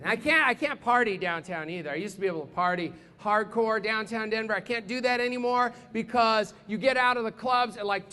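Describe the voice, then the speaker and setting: High-voiced American man doing stand-up. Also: clear, resonant tone. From United States. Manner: energetic, puts on quick character voices. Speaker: stand-up comedian. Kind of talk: stand-up comedy set. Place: comedy club stage.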